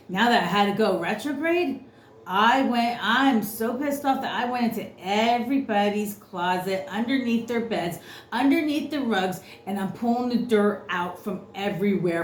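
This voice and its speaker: A woman's voice: medium pitch, natural voice. A woman voicing the planet Pluto as a sassy, vengeful figure who rants in anger. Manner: sassy, ranting. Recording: roomy echo, faint noise.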